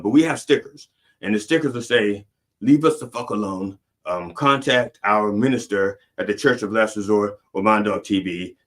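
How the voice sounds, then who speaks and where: A man's voice: medium pitch, a bit bright. A middle-aged man delivering a rambling, profane mock sermon as a comedic preacher host.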